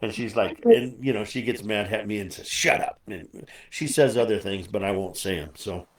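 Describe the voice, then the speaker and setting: A man's voice: on the low side, a little fast, roomy sound, far from the mic. A man hosting a casual chat interview, folksy and chatty, laughing easily. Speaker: show host.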